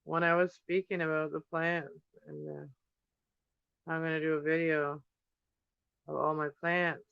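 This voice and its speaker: A man's voice: fairly high pitch, little pitch movement, a little slow, gravelly, clean tone, dry recording, dull audio. A man chatting casually on a home livestream while painting, thinking aloud and drifting from topic to topic. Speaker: livestream host painting on camera. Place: indoors at home.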